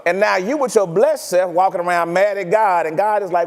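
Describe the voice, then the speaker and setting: High-voiced preacher in an echoing church. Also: male voice, a little fast. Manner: animated, teasing preaching with rhetorical questions. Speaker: pastor. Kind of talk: sermon. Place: church sanctuary.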